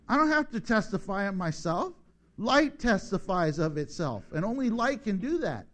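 Middle-aged male preacher, high and very lively pitch, playful sermon delivery. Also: unhurried. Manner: animated, joking, acts out voices.

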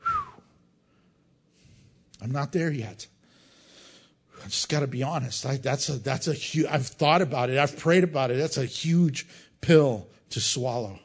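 A middle-aged male pastor preaching a sermon, animated and joking, acting out crowd voices as he goes. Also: medium pitch, measured pace, pauses often, slightly rough. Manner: animated, acts out crowd voices, jokes and chuckles.

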